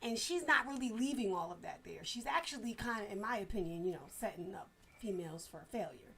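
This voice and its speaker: A woman's voice: mid-range voice, lively intonation, brisk, gravelly, fairly bright tone, husky. A woman hosting a casual podcast chat, giving frank opinions with plenty of "you know".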